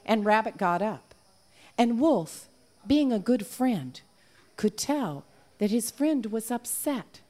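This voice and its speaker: A woman telling a folk tale aloud to a live audience in an animated, folksy way. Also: medium pitch, slow, long pauses. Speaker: storyteller. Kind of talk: live oral storytelling.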